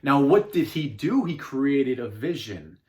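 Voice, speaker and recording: Man, earnest self-help vlog, mid pitch, phone camera, home office. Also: very animated, a little slow, darkish tone. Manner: earnest, repeats words and restarts often. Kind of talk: casual motivational monologue.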